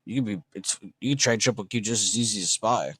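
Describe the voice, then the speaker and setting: A man's voice: on the low side, quick pace, no echo. A young man hosting a trading livestream, chatting casually and slangily with his viewers. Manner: relaxed, slangy, talks to chat with "bro" and "dude".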